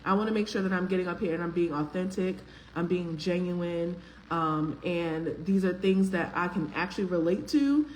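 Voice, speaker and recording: A woman's voice: fairly low pitch, moderate pace, slight background noise, rough recording. Chatty woman hosting a live stream. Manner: warm greetings to viewers by name, chatty, laughs often; uses casual slang, filler ums. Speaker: host of a live faith-based talk stream. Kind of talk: casual live-stream chat.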